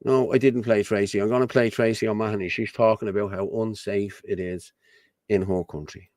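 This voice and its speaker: A man's voice: on the low side, steady tone, a little fast, a little mellow, dry recording, studio quality. An Irish man hosting his own show, talking in a blunt, repetitive, colloquial ranting commentary. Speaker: host.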